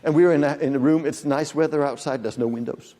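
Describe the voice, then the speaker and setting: A man giving a conference lecture to an audience, lively and demonstrative, often asking the room questions. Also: on the high side, fast. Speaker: conference speaker. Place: conference hall. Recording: long hall reverb.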